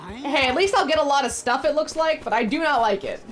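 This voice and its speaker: Woman gamer, high voice, very lively, playful, joking, casual commentary. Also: fairly quick. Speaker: streamer. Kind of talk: gameplay commentary.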